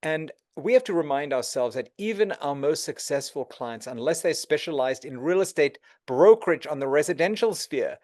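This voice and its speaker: A middle-aged real estate executive appears as an interview guest, offering advice. He is animated and acts out quoted exchanges, shifting his pitch for each line of dialogue.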